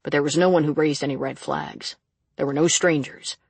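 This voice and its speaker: A reader voicing a calm, gently probing male sheriff in an audiobook. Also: medium pitch, moderate pace, gravelly, breathy edge, no room sound. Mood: businesslike. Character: calm steady man, a rural sheriff. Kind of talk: audiobook character reading.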